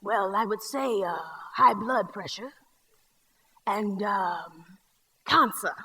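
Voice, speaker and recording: A woman in a one-person stage show playing a reserved Black man with a Southern accent, who speaks softly and hesitantly with many fillers. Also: mid-range voice, slow pace, husky, exaggerated voice. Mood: subdued. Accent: Southern US (North Carolina). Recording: live theater hall reverb.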